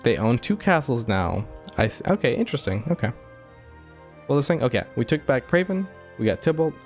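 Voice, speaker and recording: Very animated and brisk, this commentator's mid-range, slightly mellow voice rides over soft background music as he narrates his own playthrough. He rambles casually, says "like" heavily, and chuckles through asides.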